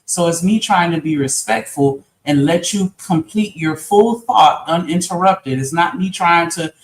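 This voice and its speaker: A woman's voice: fairly low pitch, measured pace. A woman on a livestream, earnestly explaining herself in an apologetic way, often repeating her points. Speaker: stream guest. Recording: roomy echo.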